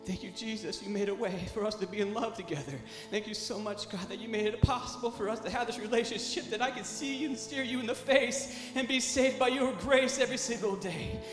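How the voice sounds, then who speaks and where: A man ministering in a church worship hall with a strikingly high voice. He moves between hushed, whispered thanks and shouted praise. Worship music plays clearly beneath him, and the echo of the room carries every word. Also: a little fast, hardly any pauses. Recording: echoey hall with music underneath.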